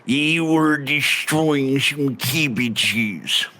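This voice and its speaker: A man voicing a gruff rustic villager in a tabletop game, who drawls and says "ye" and "boyo". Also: mid-range voice, very slow, pushed and bright, no echo. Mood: folksy.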